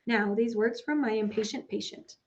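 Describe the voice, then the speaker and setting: A woman's voice: a little high, normal speed, darkish tone, lightly acted. A woman reading as a kind navy nurse. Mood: kindly. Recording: dull lo-fi recording.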